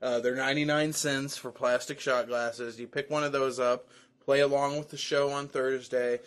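A man's voice: mid-range voice, level tone, moderate pace. A man co-hosting a casual podcast, rambling through crude jokes with plenty of ums and uhs. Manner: rambling, crude jokey banter with filler. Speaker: podcast co-host. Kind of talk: casual chat.

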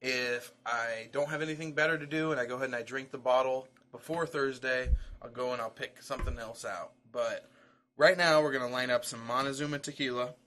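A man co-hosts a loose, crude podcast chat. His voice is bright and forward, and he meanders between plans and jokes with frequent uhs. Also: medium pitch, fairly even intonation, a little fast, slight background noise. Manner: rambling, crude jokey banter with filler. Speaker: podcast co-host. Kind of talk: casual chat.

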